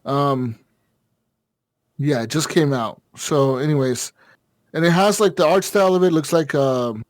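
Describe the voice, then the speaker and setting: A man's voice: on the high side, a little slow, dry recording. A man co-hosting a gaming podcast, rambling and swearing freely as he chats casually. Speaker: podcast co-host.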